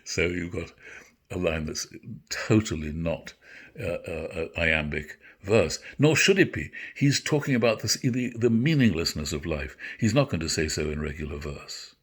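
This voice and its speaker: An older man giving a literature lecture, reflective and halting, often correcting himself. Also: low-pitched, animated, slightly rough. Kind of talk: literature lecture with recited verse.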